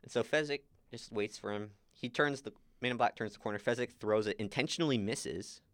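A man's voice: mid-range voice, dry recording. A man co-hosting a podcast, casually recapping a movie scene by scene and quoting the characters. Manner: animated retelling, quick quoted asides. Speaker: podcast co-host.

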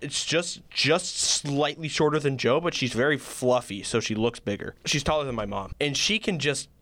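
A man's voice: mid-range voice, moderate pace, fairly bright tone, no room sound. A teenage man chatting casually as a podcast guest, telling rambling, filler-heavy stories. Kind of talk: casual chat.

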